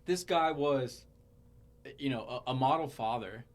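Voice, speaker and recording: A man's voice: mid-range voice, unhurried. A young adult man hosting a podcast, chatting casually in an earnest, rambling way full of fillers and restarts. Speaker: podcast host. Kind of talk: casual chat.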